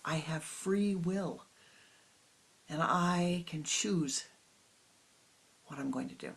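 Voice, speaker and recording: A stubborn young disciple insists on his free will, drawing out each word slowly and defiantly, as a woman puts him on. The voice is low and husky. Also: exaggerated voice.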